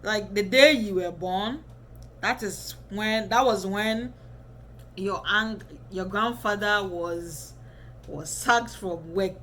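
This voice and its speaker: A woman's voice: medium pitch, slow pace, bright, forceful tone, a little hiss or hum. A woman in her twenties giving casual advice to camera as a vlogger, chatty and often checking in with the viewer. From Ghana.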